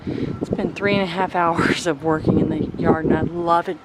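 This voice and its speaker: A woman's voice: sits low, flat delivery, normal speed, very noisy. A woman chatting casually as she vlogs her gardening and yard work, upbeat and talking through each task. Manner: chatty, upbeat, narrating her own chores. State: out of breath after yard work. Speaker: gardening vlogger. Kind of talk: casual vlog narration. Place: backyard garden, outdoors.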